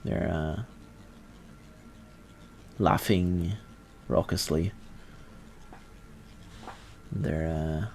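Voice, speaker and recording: Low gravelly man narrating a game. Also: steady tone, a little mellow, a little hiss or hum. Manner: halting, many fillers, second-person narration. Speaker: game master.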